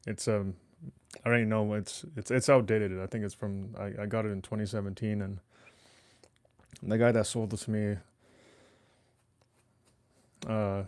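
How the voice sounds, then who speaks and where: A man's voice: fairly low pitch, level tone, normal speed, darkish tone, no echo, clean studio sound. A man hosting his own casual solo podcast, rambling and swearing as he chats with viewers. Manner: rambling, swears freely, talks to chat. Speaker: podcast host. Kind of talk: casual solo livestream chat. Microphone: desk microphone.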